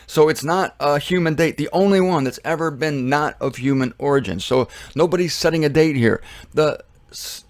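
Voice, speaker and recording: A man's voice: on the high side, normal speed, dry recording. A man giving casual Bible teaching, rambling and joking with self-deprecating asides.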